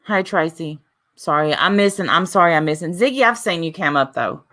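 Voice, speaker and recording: A woman's voice: on the low side, expressive, a little fast, pushed and bright. A woman in her forties hosting a casual livestream, chatting and reading viewer comments aloud. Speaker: livestream host reading chat.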